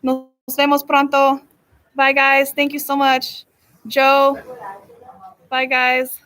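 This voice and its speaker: Woman travel host on a live stream: bright, slightly high voice, rambling and chatty. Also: completely flat delivery, takes it slowly, soft background music. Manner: chatty, rambling, laughs often. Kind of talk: casual live-stream chat. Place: resort suite by the beach.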